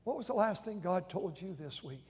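A man's voice: sits high, animated, normal speed, darkish tone, slightly rough. An older man preaching a sermon in a conversational, storytelling way, often stammering and repeating his starts. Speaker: pastor. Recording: long hall reverb.

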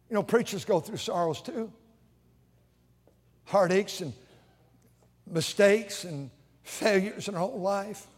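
An older man preaching a sermon, moving between quiet personal stories and loud, earnest calls to his congregation. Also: high voice, slow pace, long pauses, breathy edge. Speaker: pastor. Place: church sanctuary. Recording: long reverb of a large church hall.

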